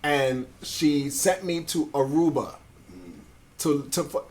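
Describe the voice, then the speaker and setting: A Brooklyn man with a higher-pitched voice takes his time recounting his life story as a guest in a casual interview. He's an animated storyteller who acts out the voices of family and police, swearing freely and using street slang.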